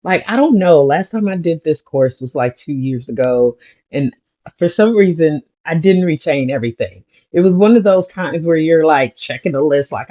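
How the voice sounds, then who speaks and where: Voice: medium pitch, normal speed. Chatty spiritual vlogger, dull lo-fi sound. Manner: chatty, rambling, animated storytelling. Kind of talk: casual motivational vlog.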